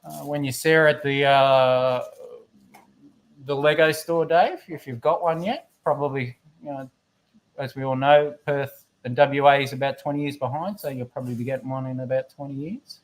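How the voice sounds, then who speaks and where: Speaking at a moderate pace with medium pitch and fairly even intonation, a man guest co-hosts a live stream through a computer microphone. He rambles, pokes fun at himself, and reads chat messages aloud in a casual way.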